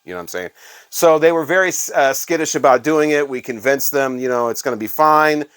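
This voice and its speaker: Speaking a little fast, this middle-aged man from Illinois has a mid-range voice with lively intonation and a clean, fairly bright tone. A onetime radio worker who collects records, he tells loose, conversational vlog stories heavy with fillers.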